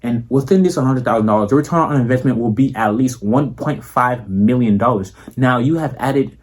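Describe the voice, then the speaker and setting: A man putting on the voice of a formal, persuasive male business pitchman making an investment pitch. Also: normal speed, darkish tone, close to an everyday voice. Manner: overly formal, salesy.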